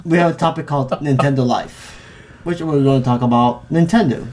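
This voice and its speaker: A man co-hosting a podcast in casual chat, excitable and tripping over his words. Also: medium pitch, brisk, a little hiss or hum. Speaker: podcast co-host.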